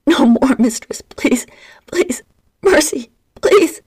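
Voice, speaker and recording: A woman voicing a submissive man who pleads and cries out in high, strained bursts. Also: lively intonation, takes it slowly, darkish tone, no echo, in a whisper. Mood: pleading.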